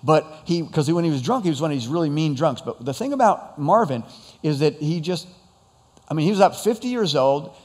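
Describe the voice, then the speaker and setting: A man's voice: on the high side, animated, a little fast, a little mellow. A man preaching a sermon, telling a personal story in a rambling, self-deprecating way with lots of fillers. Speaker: pastor. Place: church sanctuary. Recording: long church hall reverb.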